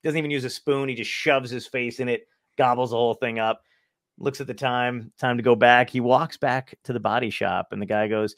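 A man's voice: mid-range voice, fairly even intonation, fairly quick, fairly bright tone, dry recording, studio quality. A man on a podcast, chatting casually and telling dumb animal jokes, laughing often and acting out the voices in them. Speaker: podcast guest. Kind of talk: casual chat, joke telling.

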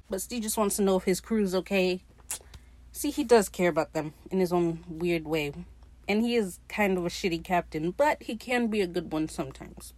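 A woman's voice: fairly low pitch, normal speed, darkish tone. A woman recapping a TV episode in a casual, profane, gushing way, acting out the characters' lines in her own voice. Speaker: podcast host.

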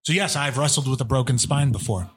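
Talking fast in a mid-range voice, a male pro wrestler spins rambling, swear-filled stories as a relaxed podcast guest.

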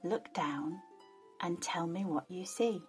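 A kind water carrier speaks softly and calmly, as a woman storyteller voices him. He talks slowly and gently over faint music. It sounds like a quiet folk tale told aloud. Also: fairly low pitch. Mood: gentle. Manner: gentle, calm.

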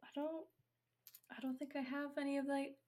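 A woman's voice: sits high, little pitch movement, moderate pace, a little mellow, slight background noise. A young woman co-hosting a podcast in casual chat, teasing her friend with short quips and laughs. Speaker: podcast co-host.

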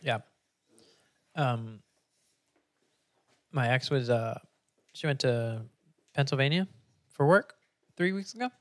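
Man telling a story on a podcast, casual, profane, acts out the quotes, mid-pitched voice. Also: animated, takes it slowly, long pauses. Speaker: podcast co-host. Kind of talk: casual storytelling among friends.

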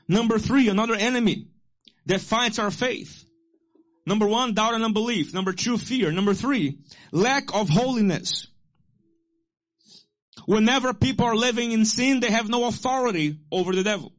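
A man's voice: sits high, normal speed, pauses often, dull audio. A man preaching a sermon as pastor, exhorting his listeners and repeating key lines for them to say back.

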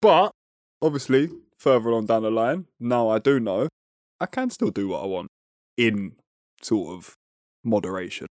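A man's voice: fairly low pitch, very animated, a little slow, darkish tone, dry recording, studio quality. A man co-hosting a casual podcast, talking in a laid-back, slangy way. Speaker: podcast co-host.

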